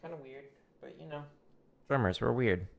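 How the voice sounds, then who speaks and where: A man casually talking through a drum practice stream, explaining relaxed with a dry, deadpan humor. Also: mid-range voice, normal speed, gravelly, slight background noise.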